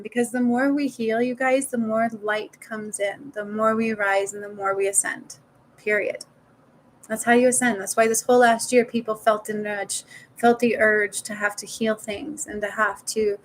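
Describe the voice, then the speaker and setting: A woman's voice: medium pitch, a bit bright, slight background noise, low-quality recording. A woman talking casually to viewers in a live stream as a spiritual healer, swearing now and then and repeating words for emphasis.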